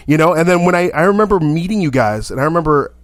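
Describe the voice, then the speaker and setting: A man's voice: on the high side, quick pace, dry recording. A man hosting a casual interview, swearing freely and ranting emphatically. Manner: profane, emphatic, animated ranting. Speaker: interview host. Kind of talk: casual conversation.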